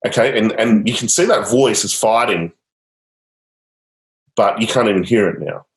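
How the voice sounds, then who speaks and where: Deep-voiced man coaching with roomy echo. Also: moderate pace. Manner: upbeat, repeats encouragement, casual fillers. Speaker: change coach. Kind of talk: guided coaching session.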